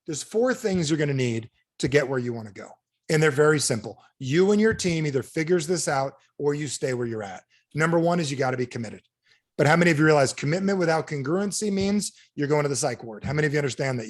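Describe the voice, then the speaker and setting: Fast-talking, punchy male motivational speaker. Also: on the high side, animated. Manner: punchy, blunt, keeps quizzing the audience. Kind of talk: live sales training seminar.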